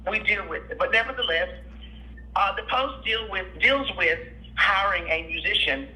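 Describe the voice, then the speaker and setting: A woman's voice: medium pitch, normal speed, pushed and bright. A woman calling in as a guest, friendly and modest, heard over a tinny phone line. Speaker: caller guest. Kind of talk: phone conversation.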